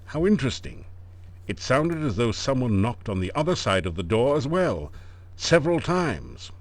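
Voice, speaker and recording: A man's voice: medium pitch, very animated, normal speed. A man voicing the dry, punning narrator of an adventure game, delivering scripted narration with mock gravity. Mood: wry.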